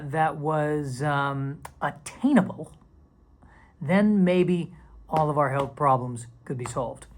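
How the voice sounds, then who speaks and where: A man talking casually to camera in a vlog, rambling and playful, sometimes dropping into silly whispers and mock dramatic voices. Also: on the high side. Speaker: video creator.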